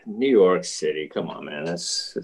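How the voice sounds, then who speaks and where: A man from Texas talks in a laid-back way in a casual chat. He makes wry asides in a lowish voice. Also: lively intonation, measured pace, vocal fry, a little mellow, slightly rough.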